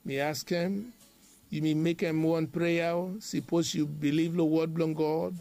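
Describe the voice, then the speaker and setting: A man's voice: on the high side, steady tone, a little slow, darkish tone. A man preaching a devotional sermon in a repetitive, emphatic cadence.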